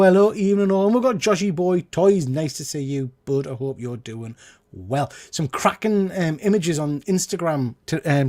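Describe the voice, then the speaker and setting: A man co-hosting a casual comics chat show, rambling and correcting himself as he talks. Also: on the high side. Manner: chatty, rambling, self-correcting. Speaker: podcast co-host.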